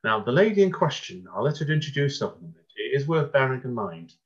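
A man's voice: mid-range voice, big pitch swings, fast, muffled recording. A man hosting a podcast interview over a video call, chatty and rambling, laughing often and interrupting himself. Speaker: podcast host. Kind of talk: casual interview chat.

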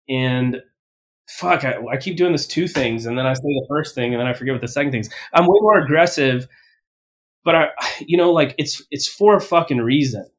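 A man's voice: mid-range voice, lively intonation, fairly quick. A man talking casually as a podcast guest, blunt and profane, rambling with lots of fillers and self-corrections. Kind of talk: casual interview talk.

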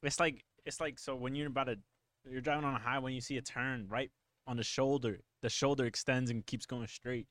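A young man in casual chat, halting and searching for words as he explains something. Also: medium pitch, fairly even intonation, a bit bright, no echo, studio quality.

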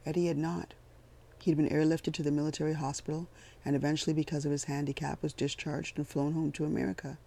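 Gravelly male storyteller, steady and flat in pitch. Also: fast talker. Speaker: audiobook narrator. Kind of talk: scripted narration.

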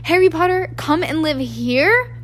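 A woman's voice: sits high, moderate pace, a little hiss or hum, lightly acted. A woman voicing a stern, anxious witch professor. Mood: indignant. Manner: tense, trembling, emphatic. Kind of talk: audiobook reading.

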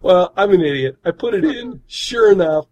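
Guy cohosting a horror podcast, kinda high voice, rambly and laughs a lot. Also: animated, normal speed, darkish tone, muffled recording. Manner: rambling storyteller, laughs often. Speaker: podcast co-host. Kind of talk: casual chat.

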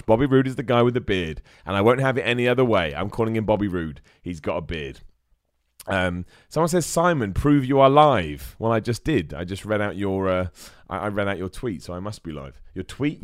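A man's voice: lowish voice, no echo, studio quality. A young man hosting a live wrestling podcast, chatting loosely and reading out viewer messages. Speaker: podcast host.

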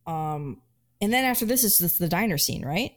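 A woman's voice: fairly low pitch, expressive, moderate pace. A woman co-hosting a podcast, chatting casually about a film and adding her own points. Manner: short agreeing replies, adds her own points. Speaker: podcast co-host. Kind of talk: casual movie chat.

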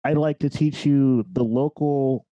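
A man hosts a casual podcast interview, speaking slowly and deliberately in a friendly way. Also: medium pitch, fairly even intonation, no room sound. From Dayton, Ohio, USA. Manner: slow, deliberate and friendly, with a plainly delivered scripted intro. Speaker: podcast host. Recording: dull, lo-fi voice.

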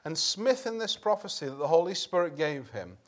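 A man preaching an evening sermon in a church, earnest and conversational, clearing his throat and restarting phrases now and then. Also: fairly high pitch, very animated, a little fast.

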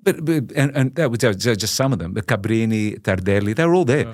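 An Australian man in his sixties, a podcast guest telling stories in a lively, animated way. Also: fairly low pitch, a little fast, no room sound, clean studio sound. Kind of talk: casual storytelling.

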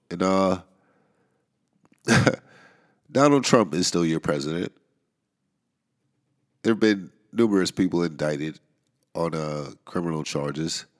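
A man hosting a podcast in a casual monologue, nasal and stuffy from a cold, rambling wryly and chuckling between thoughts. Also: low voice. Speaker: podcast host. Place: New York area.

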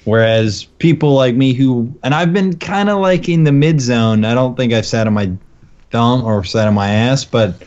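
A man's voice: medium pitch, moderate pace. A man co-hosting a comedy podcast in casual chat, telling stories animatedly and acting out the people he quotes. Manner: animated storyteller, acts out quotes. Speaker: podcast co-host. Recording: dull lo-fi sound.

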